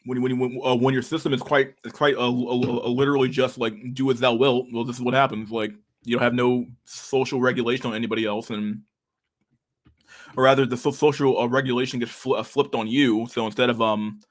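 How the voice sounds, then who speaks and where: A man's voice: mid-range voice, fairly even intonation, fairly quick. A man in casual chat, reading messages aloud, swearing a lot and laughing often.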